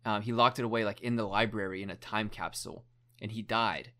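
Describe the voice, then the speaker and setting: A man's voice: fairly low pitch, fairly even intonation, a little fast, pushed and bright. A young man in casual chat, retelling a documentary story in a rambling way, full of "like" and casual swearing.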